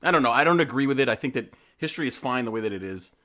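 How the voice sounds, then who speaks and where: A man's voice: medium pitch, expressive, sharp tone. A man co-hosting a casual podcast, telling history stories with a joking, teasing delivery. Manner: quick, joking storyteller who presents history with a teasing hook. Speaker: podcast co-host.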